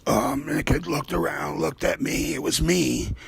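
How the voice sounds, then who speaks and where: This artist and show host paints while chatting in a slightly high, gravelly and husky voice at a moderate pace, captured in a dry recording. His talk is rambling and profane, full of free swearing and drifting asides.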